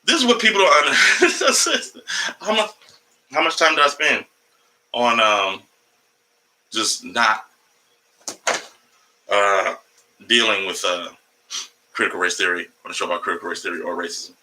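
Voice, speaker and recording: A man's voice: on the low side, a little slow, pauses often, bright, forceful tone, rough recording. A man doing a casual, rambling comedy livestream from home, profane and jumping between topics, talking to his cat along the way. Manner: talks to his cat mid-stream.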